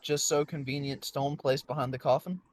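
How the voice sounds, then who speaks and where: A man's voice: mid-range voice, little pitch movement, moderate pace. A man playing in a tabletop game, chatting with the game master in a sheepish, apologetic way. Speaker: player.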